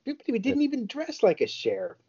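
A male podcast co-host telling crude stories in a lively, animated way. His voice is mellow and dark, with a slightly raised pitch that swings widely. The recording sounds dull and lo-fi. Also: brisk, breathy edge. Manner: lively storytelling, crude jokes. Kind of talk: casual comedic chat.

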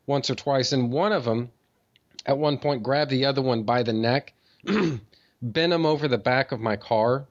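A man telling a long story in casual chat, rambling with many fillers and restarts, and swearing freely. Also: mid-range voice. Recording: dull lo-fi audio.

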